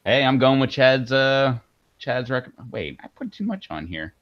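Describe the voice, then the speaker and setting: A man's voice: mid-range voice, very animated, a little slow. Laid-back man on a lo-fi stream. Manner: laid-back, chuckling while eating spicy chips. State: eyes watering from hot spice. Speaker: livestream host. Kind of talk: casual livestream chat.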